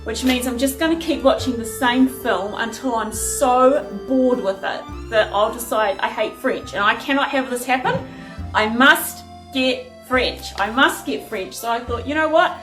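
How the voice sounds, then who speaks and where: A woman's voice: on the high side, moderate pace, few pauses, reverberant, faint music behind. A woman vlogging from home in a chatty, rambling way as she sorts DVDs. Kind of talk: casual chat. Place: at home sorting a DVD collection.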